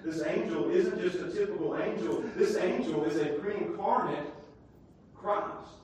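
A male pastor preaching a sermon, swinging from loud shouted questions to hushed, quiet passages. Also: high voice, a little slow, a little hiss or hum. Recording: echoey room, distant from mic.

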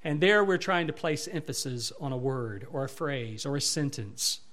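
A man, a pastor, preaching a sermon with emphatic delivery that swells louder on repeated words. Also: mid-range voice, moderate pace.

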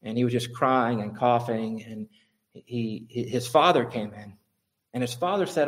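Man, pastor preaching, emphatic repeated lines, sudden high climbs, mid-pitched voice. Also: normal speed. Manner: builds to high emphatic peaks, repeats phrases for stress. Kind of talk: sermon.

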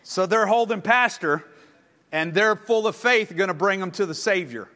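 High-voiced preacher in a reverberant church hall. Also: male voice, moderate pace. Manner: animated storyteller, many "uh" fillers and restarts. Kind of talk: storytelling sermon.

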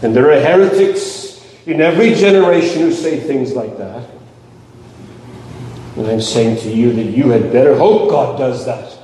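A man's voice: mid-range voice, moderate pace, dark tone, a little hiss or hum. A man preaching a sermon, impassioned and emphatic, in a church. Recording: echoey hall, voice from far off.

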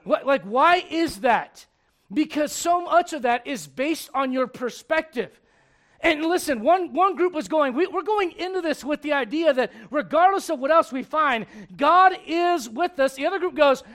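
A man in his forties preaching a sermon. He moves from loud urging to quiet confiding. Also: extremely high pitch, lively intonation, normal speed. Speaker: pastor.

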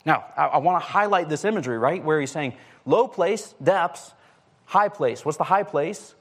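A man delivering a sermon in a relaxed, conversational way. His voice sits a little higher than most men's. He often restarts his phrases and fills them with casual asides. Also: moderate pace. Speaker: preacher.

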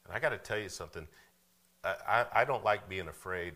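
A man preaching a sermon in a folksy way, often checking in with "Amen?" and "okay?", swinging from loud emphasis to hushed asides. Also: low-pitched, animated, a little fast. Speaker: pastor.

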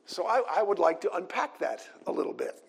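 Man, sermon, high voice, husky, earnest scripture reading. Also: very animated, brisk. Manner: earnest, reads scripture aloud. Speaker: preacher.

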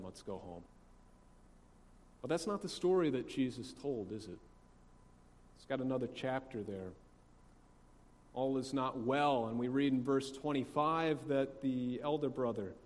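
A male pastor delivers a sermon in a chatty, conversational way, often asking rhetorical questions. His voice sits at a middle pitch and moves between quiet asides and loud emphasis. It echoes with a long reverb through a large hall.

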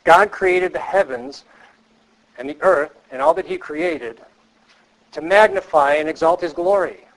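A man's voice: sits high, sing-song, a little slow, gravelly, low-quality recording. A man giving a teaching lecture to counselors, earnest and emphatic, repeating key phrases and asking the class questions. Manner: asks the class rhetorical questions.

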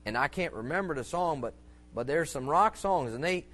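A man's voice: fairly high pitch, lively intonation, normal speed, fairly bright tone. A man giving an informal sermon-style talk on church music, rambling and folksy with many fillers and restarts, leaning on homely illustrations. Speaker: preacher teaching on church music.

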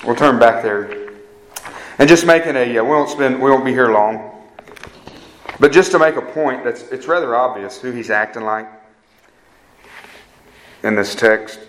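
A man's voice: mid-range voice, unhurried, pauses often, fairly bright tone. A man preaching a sermon in a conversational way, often repeating words and acting out quoted speakers. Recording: echoey room.

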